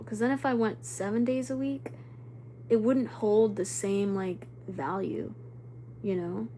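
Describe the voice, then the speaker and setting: Chatting away on her livestream, this young woman in her twenties has a mid-range voice, with a little background noise. She's animated and reads out viewer comments, though she occasionally falls to a whisper when spooked.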